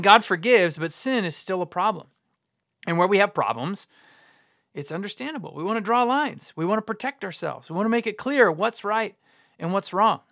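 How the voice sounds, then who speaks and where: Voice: medium pitch, vocal fry, fairly bright tone, dry recording, studio quality. A pastor preaching a conversational sermon in an informal way, often repeating and restarting words.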